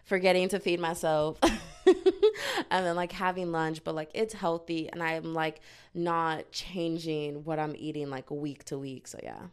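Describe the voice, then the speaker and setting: A woman's voice: low-pitched, lively intonation, a little slow, smooth. A young woman talking candidly in a casual confessional vlog, rambling with lots of filler "like"s and self-mocking asides. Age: young adult. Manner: rambling, heavy use of "like", self-mocking outbursts. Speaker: vlogger. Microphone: own microphone.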